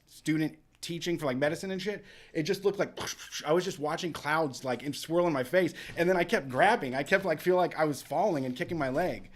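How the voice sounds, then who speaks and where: A young man on a casual radio talk show, telling a wild story with lots of swearing and acted-out quotes. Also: on the high side. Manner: profane, animated storyteller acting out quotes. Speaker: podcast co-host.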